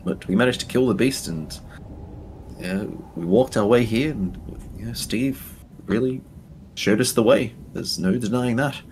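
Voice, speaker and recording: A man's voice: mid-range voice, normal speed, a little mellow, a little hiss or hum, rough recording. A man role-playing at a tabletop game in a formal, fussy, hesitant manner. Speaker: player. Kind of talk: in-character tabletop role-play.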